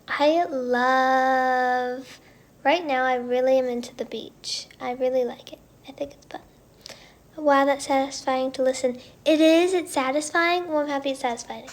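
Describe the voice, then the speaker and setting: High-pitched woman, livestream host, casual and chatty, slips into soft whispers. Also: fairly even intonation, moderate pace. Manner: bubbly and chatty, often dropping into soft whispers. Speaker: singer hosting a livestream. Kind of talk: casual livestream chat reading viewer comments.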